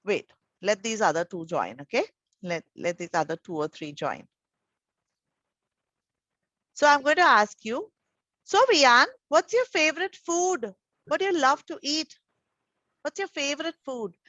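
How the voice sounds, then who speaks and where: A woman teaching young children over a video call, gentle and encouraging, full of endearments. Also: high voice, sing-song, unhurried, long pauses, no room sound. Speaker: preschool teacher. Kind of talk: online class with young children. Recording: dull, dry video call audio.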